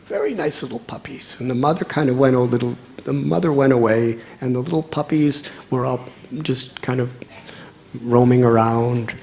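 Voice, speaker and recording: A man giving a storytelling sermon as a monk, speaking gently with chuckling asides. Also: mid-range voice, a little hiss or hum.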